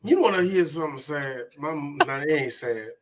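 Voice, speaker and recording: A man's voice: moderate pace, background noise. A man in his thirties co-hosting a podcast, chatting casually and animatedly, laughing often. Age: 30s. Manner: animated, laughs often, jumps into high mocking voices. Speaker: podcast co-host. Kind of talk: casual chat.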